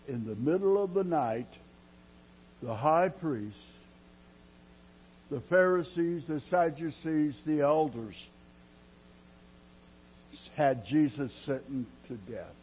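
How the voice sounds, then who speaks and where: A man preaching a sermon in a dramatic style, dropping to a hush and then rising loud, drawing his words out slowly. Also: fairly high pitch, expressive, slight background noise. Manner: dramatic preaching with sudden loud rises and quiet drops; slow, drawn-out delivery. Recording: dull lo-fi sermon recording.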